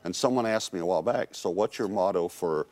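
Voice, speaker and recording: Very deep-voiced enthusiastic preacher host. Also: male voice, darkish tone. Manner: enthusiastic, affirming, slow deliberate phrasing. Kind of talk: casual talk show chat. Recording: faint crowd and noise behind.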